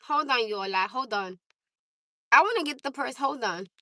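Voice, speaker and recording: Bright-voiced Newark woman chatting live. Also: fairly high pitch, animated, normal speed, dry recording, rough recording. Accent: Newark, New Jersey. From Newark, New Jersey. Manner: direct and candid, talks straight to the chat. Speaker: livestream host. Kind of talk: casual chat to viewers.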